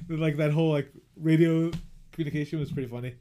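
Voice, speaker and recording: A man's voice: fairly high pitch, fast. Man retelling a movie scene by scene. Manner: animated retelling, acts out quoted lines; loose, heavy on "like" fillers. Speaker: podcast co-host. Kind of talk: casual chat.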